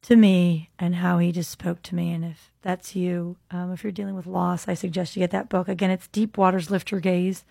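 A woman's voice: lowish voice, flat delivery, normal speed, gravelly, few pauses, dark tone, no echo, clean studio sound. A woman hosting a podcast, telling an earnest, heartfelt faith testimony about her jail ministry. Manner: earnest, heartfelt storytelling with many "um"s.

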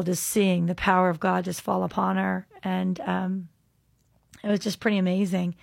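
Female podcast host with a gravelly voice, telling an earnest faith testimony in a dry, close recording. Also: lowish voice, flat delivery, normal speed, no echo. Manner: earnest, heartfelt storytelling with many "um"s. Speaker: podcast host and jail minister.

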